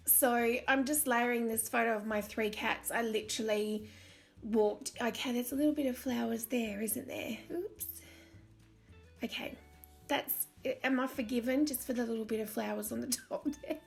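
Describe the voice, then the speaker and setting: A friendly Australian woman talks through her craft project in a relaxed voice-over, laughing at herself along the way. Her voice is slightly high with a gravelly fry at the ends of phrases. Soft music plays quietly beneath her. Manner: chatty, self-deprecating, laughs often. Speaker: crafting channel host.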